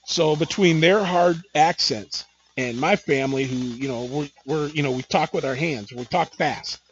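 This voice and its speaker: A man hosting a podcast, talking in a loose, rambling way with many fillers and asides. His voice sits a little high. The recording is dull and lo-fi, with a faint hiss underneath. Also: normal speed. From Midwest United States. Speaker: podcast host. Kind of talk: casual interview chat.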